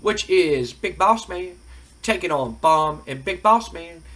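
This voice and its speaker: Guy casually narrating a game, rambly storyteller, kinda high voice. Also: expressive, takes it slowly, sharp tone. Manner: rambling, colloquial storytelling with fillers. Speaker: game host.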